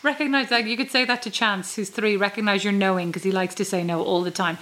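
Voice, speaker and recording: A woman's voice: mid-range voice, fast. A woman, co-hosting a casual podcast chat with her sister, laughing often and telling stories. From Ireland. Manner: chatty, laughs often, animated storytelling. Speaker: podcast co-host.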